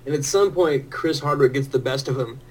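A man's voice: mid-range voice, brisk, rough recording. A man guesting on a friend's podcast in casual chat, swearing often and laughing easily. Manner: profane, laughing, excitable.

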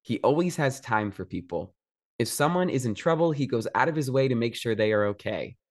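A male podcast host with a mid-range voice who steers the conversation. He reacts often with brief affirmations and laughter, encouraging his guest. He speaks in a relaxed, conversational way. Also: medium pitch, brisk. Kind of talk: conversational interview.

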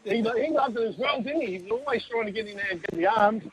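A man's voice: high-pitched, lively intonation, fast, crowd noise, poor audio. A man, a former team manager, telling jokey stories as a guest on a radio show, acting out quotes. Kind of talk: casual storytelling on a radio show.

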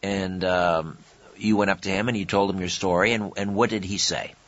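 A man's voice: sits low, fairly even intonation, moderate pace, fairly bright tone, no room sound, highs cut off. A male host asking interview questions in a hesitant way, with many fillers.

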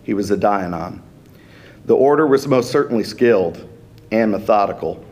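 A man's voice: fairly low pitch, expressive, moderate pace, darkish tone. Man reading a fantasy story aloud. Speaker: author reading his story.

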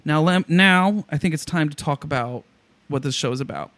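A man with a notably high voice chats animatedly about theater, co-hosting a casual podcast. The sound is dry and close, with no room around it. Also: a little fast, no room sound. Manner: chatty, animated, excitable. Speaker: podcast co-host. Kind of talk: casual chat about musicals.

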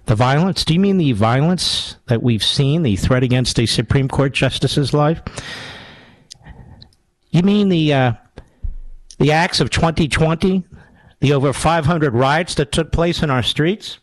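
A man's voice: fairly high pitch, measured pace, dry recording. A man hosting a talk radio show, sarcastic and mocking as he rips into clips of his opponents. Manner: sarcastic, mocking, mimics others. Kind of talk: combative political commentary.

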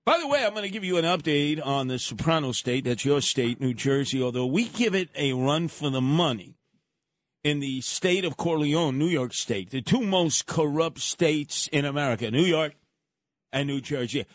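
A man's voice: fairly high pitch, lively intonation, normal speed, no echo. A man with a congested head cold, bantering on radio in a mock-pompous, teasing manner. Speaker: radio show host. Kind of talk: comic banter on morning radio.

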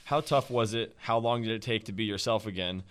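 A man's voice: lowish voice, fairly quick, a bit bright, clear, resonant tone. Man reading out a listener letter. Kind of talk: reading a listener question aloud.

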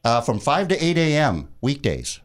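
Male radio host for open lines, lively and chatty, up-and-down delivery, in the studio. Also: mid-range voice, normal speed. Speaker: radio talk show host. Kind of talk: casual radio call-in chat.

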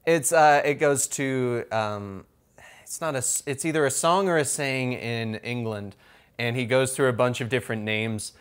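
A man's voice: medium pitch, normal speed, smooth. A man co-hosting a casual comics podcast, laughing often and protesting the teasing. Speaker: podcast co-host.

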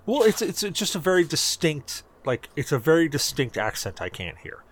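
A man chatting casually as a podcast co-host, animated and rambling, often repeating himself. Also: on the high side, moderate pace, a little hiss or hum. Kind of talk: casual chat.

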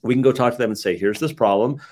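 A man guesting on an interview show, telling stories in a relaxed, casual way with lots of "like" fillers. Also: mid-range voice, fast talker. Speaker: interview guest, think tank head. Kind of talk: casual conversational storytelling.

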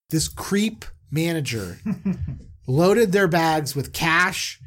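A woman co-host riffs through a Bible story with rambling asides and jokes. Her voice sits a little low. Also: animated, very slow. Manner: rambling, riffing with many voices. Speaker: podcast co-host. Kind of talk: comic retelling of a Bible story.

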